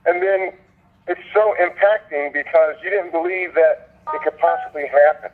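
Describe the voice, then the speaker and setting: Over a phone line with faint music in the background, a man with a fairly high voice hosts a sales conference call at a moderate pace. He delivers a motivational message like a fervent preacher, repeating his points for emphasis.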